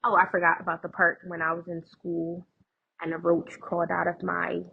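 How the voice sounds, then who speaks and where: Husky woman recounting her foster years. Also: lowish voice, moderate pace, narrow, tinny audio. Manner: animated retelling with quoted voices and laughs. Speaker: guest. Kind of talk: personal storytelling in an interview.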